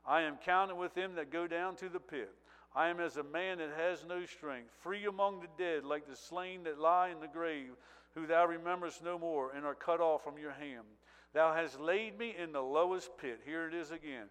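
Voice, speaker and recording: A fairly high-voiced man preaching, swinging between quiet asides and loud, drawn-out scripture reading. His voice rings out with a long reverb tail, as in a large church hall. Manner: reads scripture with rising intensity, repeated praise interjections.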